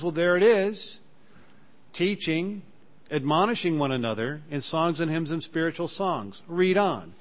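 A man's voice: animated, a little slow. A man preaching a sermon, plain and earnest, lifting his voice when he reads scripture aloud and slipping into fillers between points. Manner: earnest, rises in pitch and volume when reading scripture aloud; plain teaching tone with occasional fillers and restarts.

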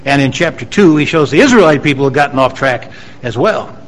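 A man's voice: mid-range voice, expressive, fairly quick, rough recording. A man preaching a sermon to his congregation, reading scripture aloud and stressing key lines with rising emphasis. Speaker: pastor.

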